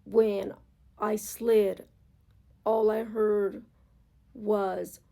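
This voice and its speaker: Gravelly-voiced woman vlogging candidly. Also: medium pitch, flat delivery, extremely slow, warm tone. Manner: candid, emotional, rambling confessional talk. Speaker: motorcycle vlogger. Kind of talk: casual vlog monologue.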